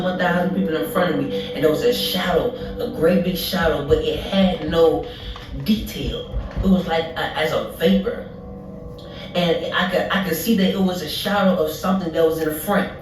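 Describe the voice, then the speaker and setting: A speaker recounting a vivid dream in a halting way, with many restarts and fillers, heard as a played recording. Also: medium pitch. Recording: echoey, distant, with music behind.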